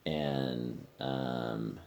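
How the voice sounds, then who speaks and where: A man's voice: extremely low pitch, steady tone, drawn-out words, vocal fry, a little mellow. A man hosting a podcast, talking candidly in a casual conversation in a friend's living room, swearing freely and trailing off with fillers. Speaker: podcast host.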